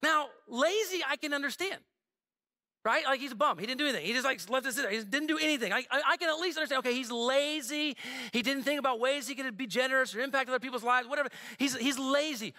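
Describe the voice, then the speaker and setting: A man preaches from the pulpit with a very high, bright voice. He talks in a loose, conversational way, cracking jokes and slipping in asides to his church. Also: lively intonation, a little fast. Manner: conversational and joking, with frequent asides. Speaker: pastor. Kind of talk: sermon. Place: church sanctuary.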